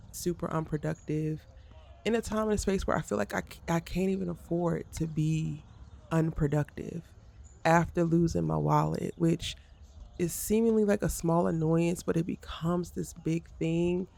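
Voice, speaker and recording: A woman's voice: deep voice, vocal fry, dark tone. A woman content creator talking frankly to camera in a vlog, venting about the pressures of her day. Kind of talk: candid vlog monologue.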